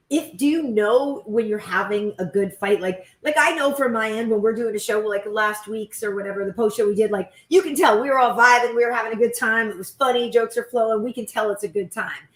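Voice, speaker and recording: A woman hosting a podcast in casual chat, asking chatty, quick questions. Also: fairly high pitch. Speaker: podcast host. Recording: roomy echo.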